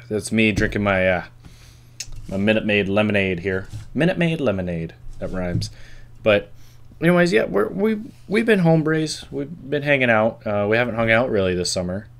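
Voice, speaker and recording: A young man hosting his own vlog, rambling casually and joking to himself. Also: fairly low pitch. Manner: rambling, self-talking, jokey. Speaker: vlog host.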